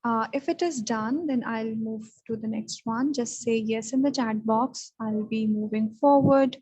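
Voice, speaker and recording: Woman w pakistani english accent teaching words online, says each one again n again, kinda high voice. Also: mellow, slightly rough, low-quality recording. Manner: explains words, then repeats each one slowly. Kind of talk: online vocabulary lesson.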